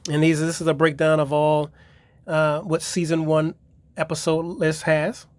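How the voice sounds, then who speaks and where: A man's voice: on the high side, little pitch movement, a little slow, no room sound. A man casually reviewing his DVD collection, rambling and swearing as he retells episodes.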